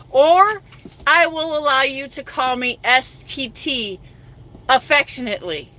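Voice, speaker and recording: A woman's voice: fairly high pitch, pushed and bright. A middle-aged woman trucker hosting a casual livestream chat, self-mocking and reading viewer comments aloud.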